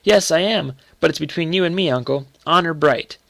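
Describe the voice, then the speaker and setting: A man voicing an earnest, secretive young boy who speaks gravely and pleads with his uncle. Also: on the high side, a little fast, a bit bright, no echo, pitched above the performer's own voice.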